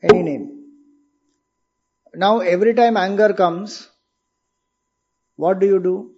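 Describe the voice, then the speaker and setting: A spiritual teacher with an Indian accent gives a discourse in a high, slow, husky voice, captured on lo-fi audio. He explains things patiently and puts rhetorical questions to his listeners.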